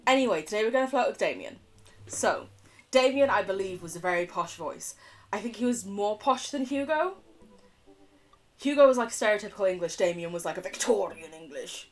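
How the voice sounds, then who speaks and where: A woman streaming a video game, chatty and quick, swearing freely and laughing often as she reacts and reads aloud. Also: medium pitch, animated. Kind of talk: live-stream game commentary.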